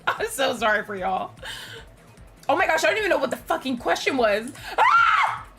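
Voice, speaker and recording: A high, bright woman's voice with big swings in pitch, talking slowly and casually to her stream. She is excitable, laughs a lot and breaks into shrieks. Faint game music plays behind her. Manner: loud, excitable, laughs and screams often. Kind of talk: casual live-stream commentary.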